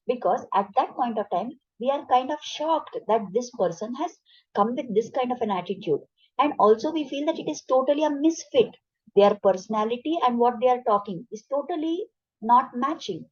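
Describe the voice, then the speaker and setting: A woman teaches scripture in a patient, explanatory way, often stopping to ask "right?" Her fairly high voice has a husky, breathy edge. The recording sounds a little dull and muffled. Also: a little mellow. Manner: explains slowly with rhetorical questions. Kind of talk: explanatory spiritual talk.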